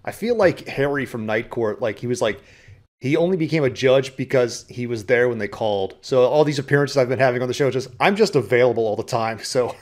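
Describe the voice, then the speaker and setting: A man guesting on a podcast in casual chat, tossing quick wisecracks. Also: medium pitch. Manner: quick wisecracks, animated delivery.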